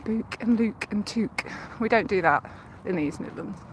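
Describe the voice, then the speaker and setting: A young woman from Leicestershire with a softened Leicestershire accent, chatting on a live stream while walking a cycle path, enunciating carefully and giggling. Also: medium pitch, normal speed, poor audio. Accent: Leicestershire English, toned down. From Leicestershire, England. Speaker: livestreamer. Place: outdoors on a riverside cycle path. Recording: loud outdoor noise, wind and traffic.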